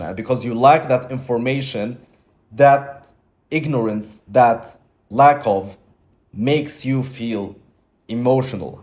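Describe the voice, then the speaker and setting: Speaking at medium pitch with a darkish tone, a trading mentor delivers a laid-back, blunt lesson full of repetition and the odd swear word. He performs his inner voice as if quoting himself.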